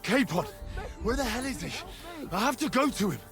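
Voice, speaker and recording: An urgent young medieval squire in a video game. His high voice swings widely. Game music plays clearly behind him. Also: big pitch swings, moderate pace, exaggerated voice.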